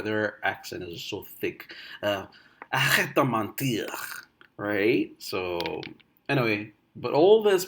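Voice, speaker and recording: Swinging from loud outbursts to quiet asides, a man from Uganda vlogs in a casual, think-aloud monologue. His voice is lowish, and his speech is peppered with fillers and restarts.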